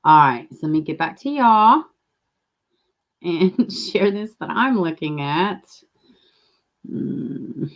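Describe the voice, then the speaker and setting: A woman's voice: sits low, animated, takes it slowly, gravelly, pauses often, dull audio. A woman hosting a livestream, chatting casually and rambling, with casual swearing. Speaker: livestream host.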